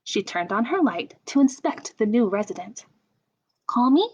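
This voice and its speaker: A young woman leading a children's story time, asking slow sing-song questions and making playful animal sounds. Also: mid-range voice, expressive, a little mellow, slightly rough. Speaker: children's librarian. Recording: dull lo-fi camera audio.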